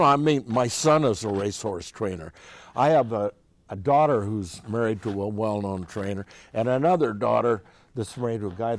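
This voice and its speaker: An older man from Oregon, USA, a musician appearing as an interview guest, tells long folksy anecdotes in a casual, chatty storytelling style, often restarting his sentences. His voice is medium-pitched, and the recording is dry.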